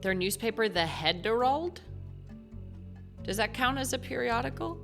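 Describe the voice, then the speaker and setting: A woman streaming a game, reading the game's text aloud in casual chat, excitable and swearing freely as she talks to her viewers. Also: a little high, unhurried, creaky, soft background music. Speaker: gaming streamer.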